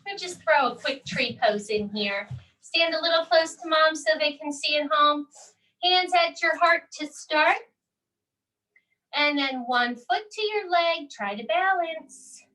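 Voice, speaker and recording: A woman in her thirties leads a calm children's yoga lesson at home. Her voice sits high and bright, and she coaxes the kids through each pose at an unhurried pace. She sounds a little distant from the microphone. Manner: soft, coaxing, slow instructions. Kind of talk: gentle kids' yoga lesson and read-aloud.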